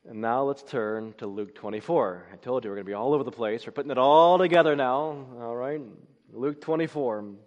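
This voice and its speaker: A man's voice: mid-range voice, brisk, darkish tone, muffled recording. A man preaching a sermon, reading scripture and building to emphatic, rising exclamations. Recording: long hall reverb.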